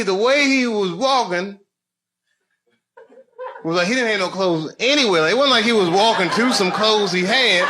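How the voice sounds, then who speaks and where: A middle-aged man from the United States works a live comedy stage. He speaks a little higher than most men and tells his story with sudden swings from quiet asides to loud bursts. The live recording carries a steady bed of noise and audience laughter. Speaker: stand-up comedian. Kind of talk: stand-up comedy set. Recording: noisy live show recording.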